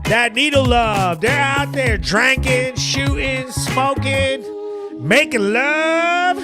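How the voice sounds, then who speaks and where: Male live show host, high voice, brash and joking, slangy, sing-song bits, music playing under him. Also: expressive, slow. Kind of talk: live show reading comments.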